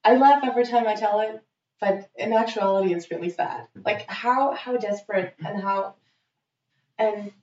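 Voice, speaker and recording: A young woman tells a story in an easy, chatty way, animated and quick to swear as she plays out each quote. The recording is muffled and roomy. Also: mid-range voice. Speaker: guest telling a story. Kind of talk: casual storytelling.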